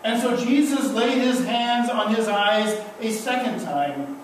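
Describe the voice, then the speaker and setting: A man preaching a sermon as pastor, building slow, emphatic repeated refrains. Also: very high voice, slight background noise. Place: church sanctuary. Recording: echoey church from a distance.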